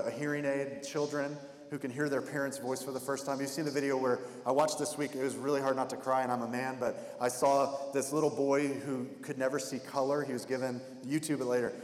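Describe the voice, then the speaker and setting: A man's voice: medium pitch, little pitch movement, brisk, hardly any pauses. A male pastor preaching in a conversational way, slipping into the voices of the people he describes. His voice rings through a big hall with a long reverb tail. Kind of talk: expository sermon.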